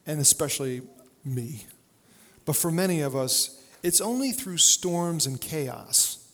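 A man preaching a sermon with a fairly high voice, loose and conversational, telling stories with frequent "uh" and "you know." His voice rings out with a long reverb, as if recorded in a large church hall. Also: fairly bright tone. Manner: conversational storytelling with frequent fillers. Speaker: pastor.

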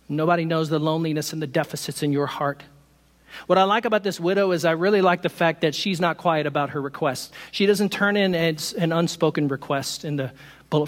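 A man preaching a sermon to his congregation, animated and quick to poke fun at himself with laughing asides. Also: a little high, long reverb tail. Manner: animated, self-deprecating humor, laughs at own stories. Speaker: pastor. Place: church sanctuary.

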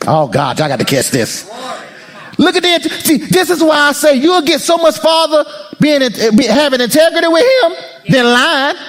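A male pastor preaching a sermon in call-and-response style, acting out prayers and quotes, moving between excited bursts and low murmured prayer. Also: moderate pace.

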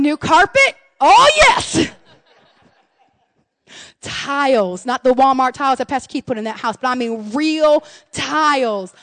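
A middle-aged woman pastor preaching a lively, folksy sermon, swinging from hushed asides to shouted excitement. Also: sits high, no echo. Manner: folksy, says "y'all" and "man".

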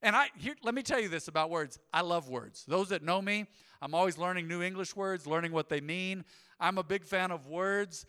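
Bright, high-pitched preaching man in a reverberant hall. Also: moderate pace, smooth. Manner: animated storytelling with rising emphasis. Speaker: pastor. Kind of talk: sermon. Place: church sanctuary. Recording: long hall reverb in a sanctuary.

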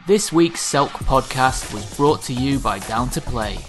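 A man reading a scripted app advertisement in a smooth, promotional tone. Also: mid-range voice, animated, measured pace. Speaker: ad announcer. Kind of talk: scripted ad read. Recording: loud music bed behind.

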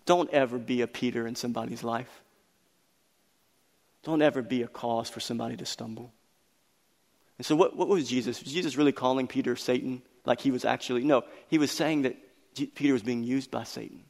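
A man preaching a sermon as pastor, emphatic and building to loud passionate peaks. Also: mid-range voice, fairly quick, creaky. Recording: long reverb of a hall.

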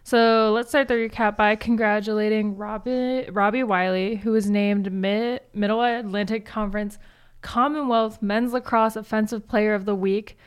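A woman's voice: medium pitch, steady tone, smooth. A young woman in her twenties hosting morning announcements on college radio and reading a sports recap, with chatty asides. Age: 20s. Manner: reads scores briskly, chatty asides. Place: campus radio studio.

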